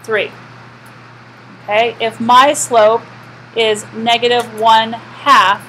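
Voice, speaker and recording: A woman's voice: on the high side, level tone, slow pace, long pauses, bright, forceful tone, slight background noise, poor audio. A woman teaching a math class, lecturing and asking the students questions she often answers herself.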